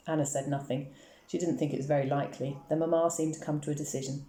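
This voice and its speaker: A woman reading a children's novel aloud with steady, expressive storytelling. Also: low-pitched, quick pace, creaky. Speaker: reader. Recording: echoey room.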